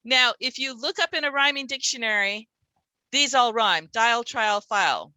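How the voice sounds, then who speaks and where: A woman leads a workshop for reading teachers, stretching out sounds and syllables as she demonstrates. Her voice is bright and a little high. The recording is dry and close, with no room echo. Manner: demonstrative, sounds out words slowly. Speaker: literacy teacher trainer. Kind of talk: workshop presentation.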